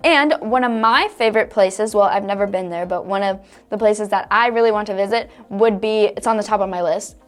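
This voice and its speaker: A woman's voice: mid-range voice, fairly quick, hardly any pauses. A young woman hosting a casual screen-recorded tutorial, upbeat and chatty, laughing often. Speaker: online tutorial host.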